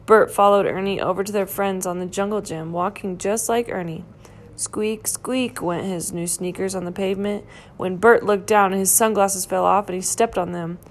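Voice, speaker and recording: A woman reads a children's picture book aloud at a mid pitch. Her storytelling is gentle and clear, paced for young listeners. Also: fairly even intonation, moderate pace. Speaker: storybook reader.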